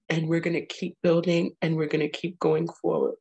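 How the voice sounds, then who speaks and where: A woman's voice: deep voice, level tone, normal speed, mellow, slightly rough, low-quality recording. A woman hosting her own show and speaking live to viewers in an earnest, urging way that often repeats itself. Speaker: show host. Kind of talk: live-stream address to viewers.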